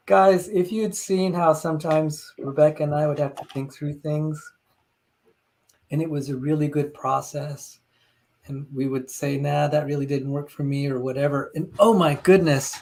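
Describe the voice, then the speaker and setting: Male host, slightly high voice, animated storyteller, casual talk. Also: measured pace, gravelly. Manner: animated storytelling, quoting others. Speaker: channel host. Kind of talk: casual chat.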